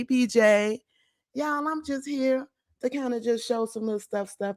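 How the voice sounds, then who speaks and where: A woman's voice: mid-range voice, dry recording, clean studio sound. A woman hosting a casual livestream, chatty and blunt with salty slang, greeting viewers by name. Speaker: livestream host.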